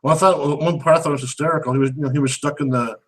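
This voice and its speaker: A man's voice: fairly high pitch, fairly even intonation, rapid-fire, poor audio. A man co-hosting a casual movie review, amused and rambling, often restarting his sentences. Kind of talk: casual chat.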